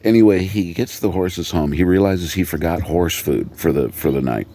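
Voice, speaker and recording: A man's voice: low voice, moderate pace, warm tone, slight background noise. A man in a casual comedic rant, rambling and swearing freely, with frequent restarts. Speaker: video creator.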